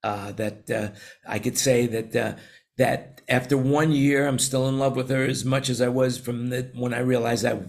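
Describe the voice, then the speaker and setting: A man's voice: mid-range voice, steady tone, normal speed. A man in his sixties with a New York accent, hosting a casual roundtable chat and telling long, rambling stories with many restarts. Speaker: show host.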